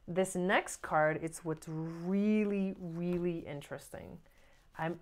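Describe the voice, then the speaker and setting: Chatty woman giving a tarot reading. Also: on the low side. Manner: chatty and earnest, acts out inner voices with many "like" and "you know". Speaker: tarot reader. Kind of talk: casual spiritual tarot reading.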